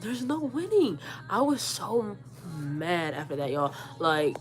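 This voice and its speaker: A woman in her forties tells a storytime vlog with a congested, stuffed-up voice. Her voice sits a little low. She retells an argument animatedly, quoting herself and her mother, and repeats words as she talks. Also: very animated, takes it slowly, faint music behind. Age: 40s. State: stuffed up, sick. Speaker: vlogger.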